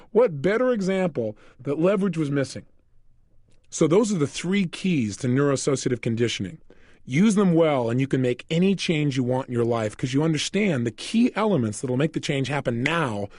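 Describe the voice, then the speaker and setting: A man talks through a motivational lesson like a story, laughing now and then as he goes. His voice sits a little high and swings widely in pitch. The recording is dry and close, with no room sound. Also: moderate pace, no echo. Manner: animated storytelling, laughing often. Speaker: self-help coach.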